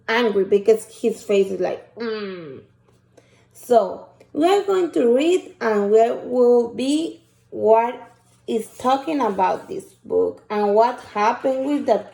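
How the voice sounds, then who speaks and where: A woman teacher, reading a picture book aloud and asking children questions in a slow, patient way. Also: fairly high pitch, vocal fry, warm tone, reverberant. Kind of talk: shared reading lesson for children.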